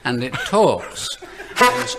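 A man on a comedy panel show telling an improvised comic story, playful and brisk, dipping into quick character voices. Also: a little high, wildly swooping pitch, creaky, very noisy. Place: radio studio before a live audience. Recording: loud audience laughter behind.

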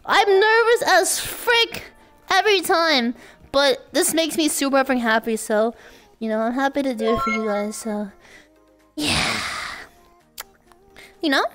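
Bubbly woman streamer with a high voice, chatting live with viewers. Excitable, quick to laugh and to break into mock-exasperated outbursts. Faint music under her. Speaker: VTuber streamer.

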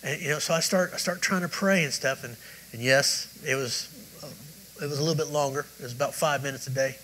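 At a church service, a male preacher with a slightly high, bright, forceful voice talks fairly quickly, and the rough recording carries a little hiss or hum. His sermon rambles conversationally, weaving in his own testimony and restarting often.

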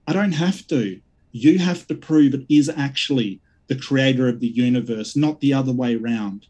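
A man's voice: mid-range voice, normal speed, mellow. A man giving a combative debate statement, piling up accusations against his opponent. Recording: distant mic at times.

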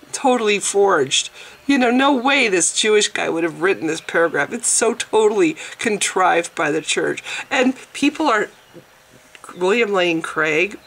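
A woman's voice: medium pitch, fairly bright tone. A woman vlogger who is sick, ranting casually in an exasperated, mocking way and laughing now and then. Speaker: atheist vlogger. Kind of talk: casual vlog rant.

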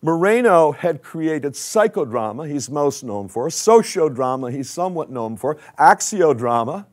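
A man's voice: a little high, a little mellow. Older man lecturing with slides. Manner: conversational, asks audience questions. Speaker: conference speaker.

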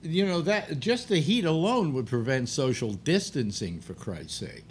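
A man's voice: a little high, expressive, moderate pace, a little hiss or hum. An older man hosting a talk show, rambling bluntly and grumbling through restarts. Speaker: radio talk show host. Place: apartment.

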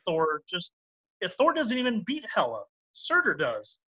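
A man ranting and swearing in a casual debate, mocking his opponent's side with quick put-on quotes. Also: high voice, wildly swooping pitch, pushed and bright, poor audio. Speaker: debater defending a film.

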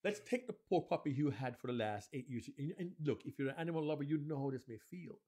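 A male speaking coach co-hosts a live podcast, his voice pitched a bit high and swinging widely in pitch. He teaches in an animated way and slips into acted-out examples. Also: fast talker.

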